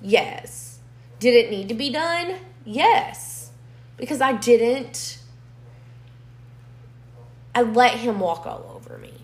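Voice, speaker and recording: A woman's voice: on the high side, takes it slowly, pauses often. Young woman telling a messy story, cusses a lot, echoey room. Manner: blunt, swears freely, animated storytelling. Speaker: podcast co-host. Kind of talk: casual storytelling chat.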